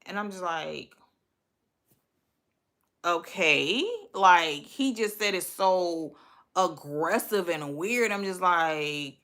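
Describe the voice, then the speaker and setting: Bright, profane young woman telling a story. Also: lowish voice, slow. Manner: profane, animated, quoting her own thoughts. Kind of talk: casual storytime vlog.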